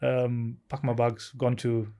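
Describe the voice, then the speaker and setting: A man in his thirties, a podcast guest telling a long anecdote in a casual, animated way, laughing often. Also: mid-range voice, takes it slowly. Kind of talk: casual storytelling.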